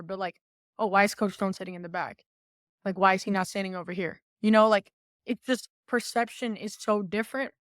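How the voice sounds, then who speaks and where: A young woman, a former college volleyball player, talking as a podcast guest in an outgoing, animated way, acting out quoted remarks. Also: medium pitch, no echo, studio quality. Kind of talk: casual podcast conversation.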